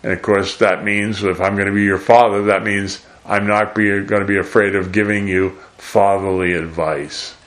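A man's voice: fairly low pitch, level tone, normal speed, few pauses, fairly bright tone. An older man giving a conversational sermon, rambling and acting out quoted voices. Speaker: preacher.

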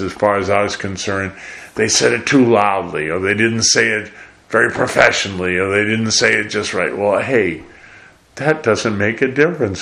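A man's voice: fairly low pitch, fairly bright tone. An older man giving a conversational sermon, rambling and acting out quoted voices. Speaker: preacher.

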